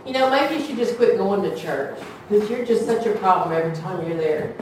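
This drawling woman speaks a little fast in a mid-range, slightly mellow voice with lively intonation, giving a chatty, folksy sermon to a small church. Quoted gossip comes out in playful voices. Heavy echo fills the room over faint ambient hum, and she sounds some distance away.

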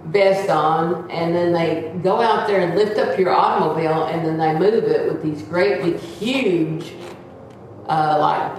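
A woman, telling a long personal story in a chatty, expressive way and speaking warmly of her faith in God. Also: fairly low pitch, slight background noise. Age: 70s. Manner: chatty, expressive, laughing often; devout, speaks often of God. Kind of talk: casual storytelling. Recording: echoey, slightly distant mic.

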